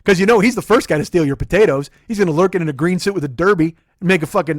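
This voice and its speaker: A man's voice: high-pitched, expressive, rapid-fire, few pauses, no echo, clean studio sound. A man hosting a podcast, telling rambling comic stories in casual chat, full of swearing. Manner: profane, rambling, jokey storytelling. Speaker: podcast host.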